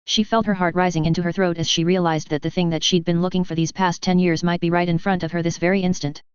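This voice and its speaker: Clear, low-voiced woman narrating. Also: little pitch movement, fast talker, no echo, lo-fi sound. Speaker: audiobook narrator. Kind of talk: scripted narration.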